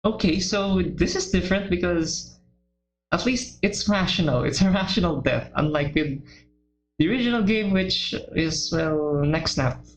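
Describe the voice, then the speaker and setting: A woman's voice: on the low side, expressive, a little slow, echoey room. A woman giving playful, casual commentary while playing a game. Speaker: let's play host.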